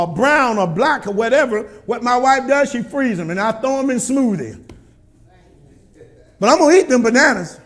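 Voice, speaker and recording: Preaching to a church congregation, the middle-aged male pastor repeatedly shouts and calls for answers from the crowd. His pitch is extremely high.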